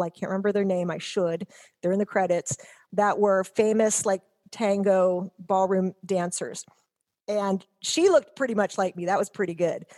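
A woman's voice: mid-range voice, a little mellow. A middle-aged woman guest, telling stories in a chatty, rambling way with many restarts. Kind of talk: casual chat.

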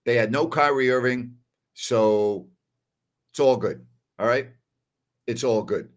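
A man's voice: mid-range voice, slow pace. Man, from New York, postgame show host, casual livestream chat, emphatic, repetitive. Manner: emphatic, repeats "all right" a lot. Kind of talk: casual solo livestream commentary.

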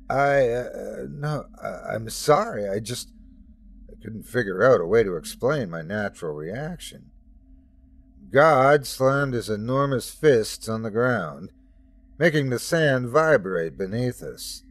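A man's voice: mid-range voice, lively intonation, slow pace. A man narrating a first-person horror story as host of the show.

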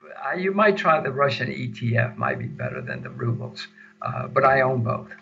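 Gravelly older man, emphatic investor. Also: mid-range voice, wildly swooping pitch, moderate pace. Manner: emphatic, repeats words for stress. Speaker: guest investor. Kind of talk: casual interview answers. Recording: dull lo-fi audio.

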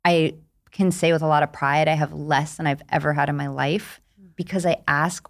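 A woman's voice: sits low, normal speed, creaky. A woman author as an interview guest, telling personal stories candidly and acting out quoted lines. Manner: candid storytelling, animated, acts out quotes. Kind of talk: casual interview chat.

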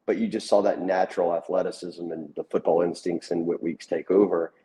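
Male podcast co-host, very deep mellow voice, relaxed storyteller. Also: brisk, rough recording. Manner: conversational storyteller, retelling player quotes. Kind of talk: casual sports chat.

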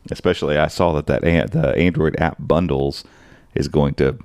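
A man co-hosting a podcast, chatting casually about tech and thinking aloud in a rambling, animated way. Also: very deep voice, normal speed, no echo, studio quality. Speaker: podcast co-host.

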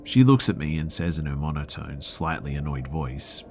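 A man's voice: extremely low pitch, lively intonation, moderate pace, a little mellow, a little hiss or hum. A man hosting a podcast, reading listener horror stories aloud in a dramatic scripted narration that sometimes drops to a whisper.

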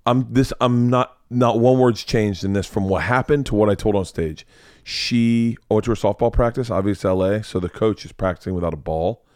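Profane, animated man telling stories. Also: on the low side, normal speed, dry recording, studio quality. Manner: profane, animated storytelling, acts out voices. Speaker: comedian podcast host. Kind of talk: casual chat.

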